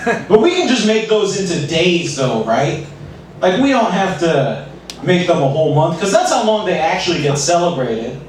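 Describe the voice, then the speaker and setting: A man doing a self-deprecating stand-up set at an open mic with a dry, deadpan delivery. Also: high voice, moderate pace, a little hiss or hum. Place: small comedy club stage. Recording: echoey room, far from mic.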